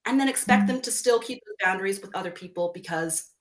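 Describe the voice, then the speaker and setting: Quick and mid-pitched, a woman co-hosts a casual parenting podcast, animatedly voicing quotes from kids and their parents. She works with young schoolchildren.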